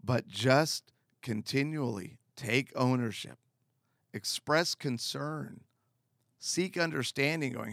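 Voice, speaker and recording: A man speaking as a marriage counselor, giving calm, earnest and direct advice with repeated emphatic phrases. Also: mid-range voice, takes it slowly, vocal fry, no room sound, studio quality. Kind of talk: advice talk to camera.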